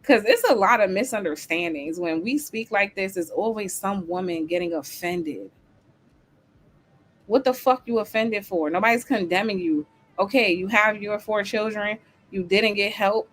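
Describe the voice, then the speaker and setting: A woman's voice: mid-range voice, animated, normal speed, a bit bright, slight background noise. A woman hosting a livestream talk show, ranting bluntly and heatedly with heavy swearing and answering the live chat. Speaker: host.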